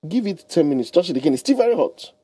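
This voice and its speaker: A husky man speaks quickly, his pitch swinging up and down as he counsels on air. He leans on homely examples and a ready laugh, and the studio sound is close and dry. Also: no echo. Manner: animated, explains with homely examples and laughs often. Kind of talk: radio talk show advice. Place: radio studio.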